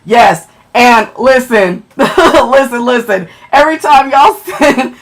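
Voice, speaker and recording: A woman chatting on a livestream, excitable and emotional as she thanks viewers for gifts and checks her ranking. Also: fairly high pitch, takes it slowly.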